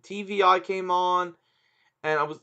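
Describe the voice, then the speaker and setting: Guy rambling and pausing a lot, kinda high smooth voice, lo-fi sound. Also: steady tone, sharp tone. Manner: hesitant, searching for words. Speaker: podcast co-host. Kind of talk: casual chat. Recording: dull lo-fi sound.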